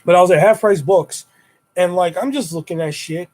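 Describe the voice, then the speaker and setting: A young man with a high, light voice hosts a casual livestream, chatting to viewers through a desktop mic. He rambles and swears freely, and his voice leaps up whenever he acts out what he said in a story. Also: moderate pace, rough recording. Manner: animated retelling with high-pitched quoted exclamations. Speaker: livestream host. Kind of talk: casual live-stream chat.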